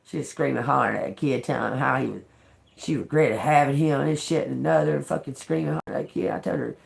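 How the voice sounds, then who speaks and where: An older woman doing a live tarot reading, talking slowly and bluntly with swearing, repeating words as she reads the cards aloud. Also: very deep voice, gravelly. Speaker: tarot reader.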